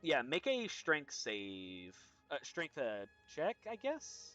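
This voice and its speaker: A man runs a tabletop game as game master, narrating in a bright, slightly high voice. He hesitates often, filling gaps with ums. Faint music plays behind him. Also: huge pitch swings, slow pace, muffled recording.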